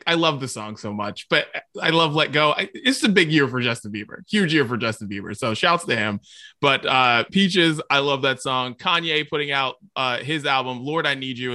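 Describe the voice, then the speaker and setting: Brief: male podcast co-host, bright tone, dry close sound, emphatic casual delivery. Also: mid-range voice, dry recording. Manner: emphatic, ranting about songs. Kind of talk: casual chat.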